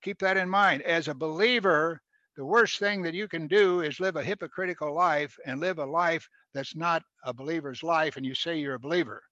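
A man preaching a sermon, reading scripture aloud with loud emphatic rises and dropping to quiet asides. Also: fairly high pitch, normal speed, dry recording. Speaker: pastor. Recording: dull lo-fi sound.

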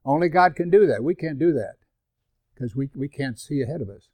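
A man's voice: a little high, lively intonation, brisk, a little mellow, no room sound. An older man leading a Bible study in a sermon style, reading scripture aloud between conversational asides.

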